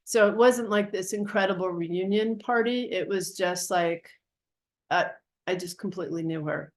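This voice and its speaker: A woman with a somewhat low voice recounts a vivid dream. She talks in an earnest, reflective way and often stops to correct herself mid-sentence. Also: moderate pace. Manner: earnest, reflective storytelling with frequent self-corrections. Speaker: guest.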